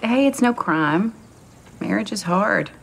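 A woman's voice: medium pitch, expressive, slow pace, creaky, a little hiss or hum. An actress playing a frank, exasperated grown daughter who corrects her mother firmly, in a film clip. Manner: firm and correcting.

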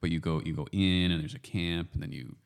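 Man, very low voice, Canadian accent, casual rambling podcast host. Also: fairly even intonation, creaky, clean tone. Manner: rambling, self-correcting, quick laughs. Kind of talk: casual chat.

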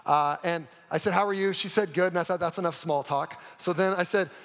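A man preaches in a somewhat high voice, telling his story dramatically and sinking to a hush at the key moments. His words trail off into the long reverb of a large church auditorium. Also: steady tone, brisk. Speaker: pastor. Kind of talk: sermon storytelling.

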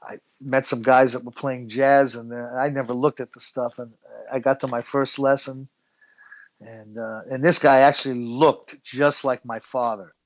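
A man's voice: mid-range voice, little pitch movement, normal speed. Middle aged guy rambling through stories, lots of "you know", kinda dull lo-fi sound. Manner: chatty, laughs often, many fillers. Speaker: guest musician. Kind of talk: relaxed storytelling interview.

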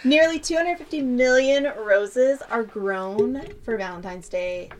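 A young woman co-hosting a casual podcast, chatty and animated. Her voice sits a little on the high side. She leans close into the mic and laughs often. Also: unhurried. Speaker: podcast co-host. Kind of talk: casual chat.

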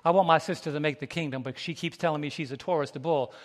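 High-voiced New preacher in a reverberant hall. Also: male voice, quick pace. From United States. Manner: animated, preachy call-and-response with the congregation; laughs between stories, folksy colloquial speech. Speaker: pastor. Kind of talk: sermon. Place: church sanctuary.

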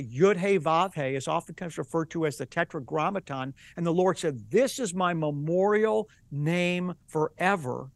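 A man with a notably high speaking voice explains ideas patiently, laying out examples one by one. His delivery is earnest and instructive, like a teacher in a broadcast interview. The sound is dry and close. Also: no echo. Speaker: rabbi and Bible teacher, interview guest.

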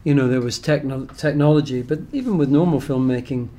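A man answering interview questions as an actor, with dry, deadpan humor. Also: medium pitch, a little fast. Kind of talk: press junket interview answers.

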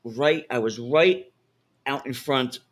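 Dude on a podcast, cursing and chuckling through his story, average pitch. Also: slow. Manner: swears freely, laughs through his story. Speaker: podcast co-host. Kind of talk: casual chat.

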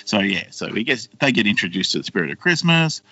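Low-voiced man retelling a cartoon. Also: fast, husky, dry recording, highs cut off. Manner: animated retelling with silly put-on character voices and swearing. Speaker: podcast co-host. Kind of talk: casual chat, retelling a cartoon plot.

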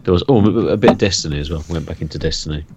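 A man's voice: extremely low pitch, very noisy. A man co-hosting a casual gaming podcast, rambling and restarting his sentences. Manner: rambling, halting, many restarts. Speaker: podcast co-host.

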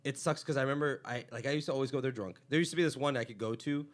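A man's voice: medium pitch, racing. A man from the San Fernando Valley in Los Angeles, a comedian hosting a podcast, telling rambling, profane stories in casual chat and slipping into mock voices.

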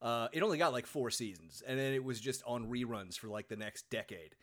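A man's voice: medium pitch, animated, a little fast. A man co-hosting a podcast in casual, jokey chat, laughing often. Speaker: podcast co-host.

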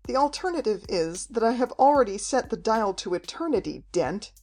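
Snarling, mocking male villain, as a woman reader puts him on, audiobook, loud and raised delivery, faint music under. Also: fairly high pitch, lively intonation, moderate pace, pitched above the performer's own voice.

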